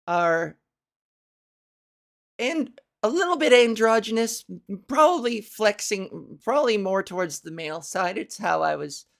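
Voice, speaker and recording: A woman hosting a casual solo podcast, rambling and self-mocking, laughing at her own jokes while working on a softer voice. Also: mid-range voice, gravelly. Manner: practicing a softer voice with resonance and inflection. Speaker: podcast host. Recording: fan blowing near the microphone.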